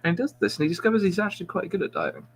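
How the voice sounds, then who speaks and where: A man's voice: high-pitched, huge pitch swings, very fast, a little hiss or hum. Rambling man telling a joke. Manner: rambling, self-mocking, with frequent restarts. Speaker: podcast host.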